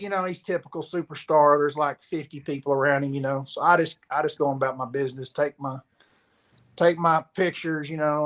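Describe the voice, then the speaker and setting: A man, a professional angler, telling a story in casual chat and acting out the dialogue as he goes. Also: on the high side. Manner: animated storyteller, acts out quoted dialogue. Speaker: pro angler guest.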